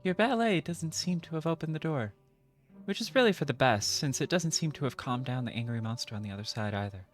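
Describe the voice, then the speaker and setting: A woman's voice: a bass voice, animated, brisk, faint music behind. A woman playing a video game and reading its text aloud, with playful, jokey, mock-dramatic asides.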